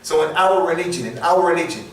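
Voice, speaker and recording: Speaking fast in a fairly high voice, a man from the United States lectures emphatically in a small mosque, driving home his main phrases through repetition. The room echoes and the mic is distant.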